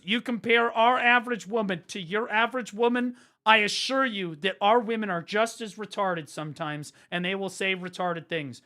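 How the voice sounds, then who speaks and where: Give me an American male streamer telling a rambling, profane story in a bright, tense voice. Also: sits high. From United States. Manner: animated, swearing, storytelling. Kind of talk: profane comedic rant on stream.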